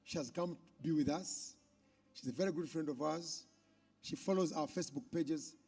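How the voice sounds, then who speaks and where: A Ugandan man emcees a conference from the stage, his voice husky and mellow yet pitched a touch high. He calls out to the crowd in a loud, animated way. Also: moderate pace, faint music behind. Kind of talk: live stage hosting.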